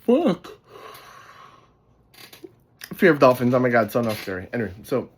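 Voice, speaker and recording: A man's voice: medium pitch, rapid-fire, slight background noise. A man from the Bronx, hosting a podcast and rambling casually through stories while yawning and sleepy. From the Bronx, New York. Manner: rambling, loses his thread, swears casually. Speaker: podcast host. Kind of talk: casual storytelling monologue.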